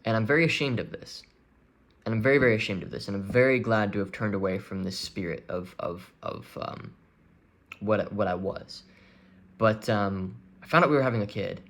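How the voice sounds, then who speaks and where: A young man speaking candidly to his audience, earnest and open, with halting restarts as he searches for words. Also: lowish voice, fairly bright tone. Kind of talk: candid personal confession.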